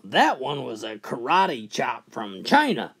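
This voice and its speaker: A man playing a huge, burly male bully who speaks in a gruff, low, heavy voice. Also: wildly swooping pitch, takes it slowly, fairly bright tone, exaggerated voice. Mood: menacing.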